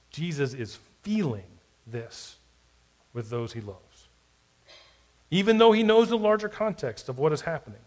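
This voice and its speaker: A male pastor preaching a sermon in a reflective way, moving between soft, quiet asides and emphatic declarations. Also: medium pitch. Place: church or podcast recording.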